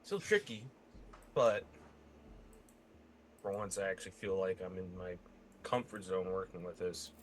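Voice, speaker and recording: A man playing a tabletop game, excitable and quick to laugh, jumping from quiet asides to loud outbursts. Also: sits low, slight background noise. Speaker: player.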